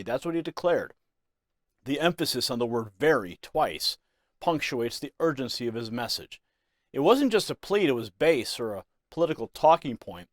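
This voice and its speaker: A man's voice: mid-range voice, very animated, moderate pace, no echo. Brief: male voice-over narrator, scripted news special, grave emphasis, dry studio sound. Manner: ominous, emphatic delivery.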